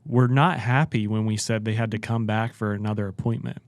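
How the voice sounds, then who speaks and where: A man co-hosting a podcast, calmly coaching listeners on sales talk in a casual chat. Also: fairly low pitch, fairly quick, no room sound. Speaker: podcast co-host.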